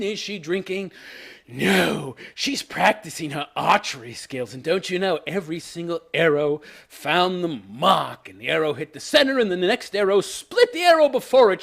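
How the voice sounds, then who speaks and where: A man reviewing a TV episode in a sarcastic rant, with bursts of laughter. His gravelly voice sits high and swoops dramatically. He sounds scornful throughout. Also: big pitch swings, unhurried, fairly bright tone. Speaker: show reviewer. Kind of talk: ranting review vlog.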